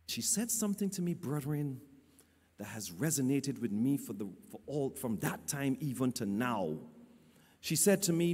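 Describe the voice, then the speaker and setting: A man preaching a storytelling sermon, animated, stammering and repeating his words. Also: mid-range voice, normal speed, slightly rough. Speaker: lay preacher and church teacher. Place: church hall. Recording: long church hall reverb.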